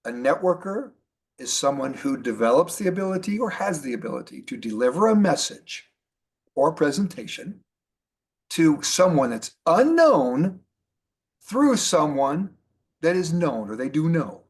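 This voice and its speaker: A middle-aged man gives a motivational training talk in a fairly high voice. He is animated and hammers home his key points by repeating them. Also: measured pace, slightly rough. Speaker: network marketing trainer.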